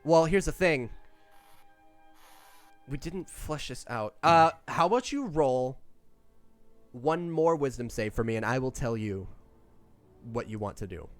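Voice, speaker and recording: A man narrating a tabletop role-playing game as game master, lively and loose, with casual swearing. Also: medium pitch, measured pace, long pauses, dry recording, faint music behind.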